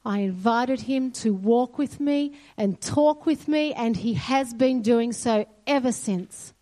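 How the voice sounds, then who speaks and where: Taking it slowly with a voice on the high side, a woman tells stories in an earnest sermon inside a church hall. When she quotes God, she does so softly.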